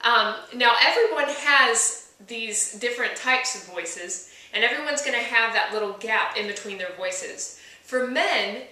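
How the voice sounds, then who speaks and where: A young woman gives a singing lesson, explaining each step and breaking into short sung demonstration notes. Her voice is bright and clear, set a little high. It rings with a strong room echo, caught from a few steps away. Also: lively intonation, measured pace. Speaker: voice teacher. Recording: echoey room from far off.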